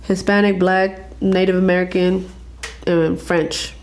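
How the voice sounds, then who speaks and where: A woman's voice: lowish voice, little pitch movement, measured pace, a little mellow, slight background noise. A woman from El Paso speaks as a podcast guest, blunt and self-assured, with easy profanity. She is a music reviewer and artist, and her talk stays casual and frank. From El Paso, Texas. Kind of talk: casual interview chat.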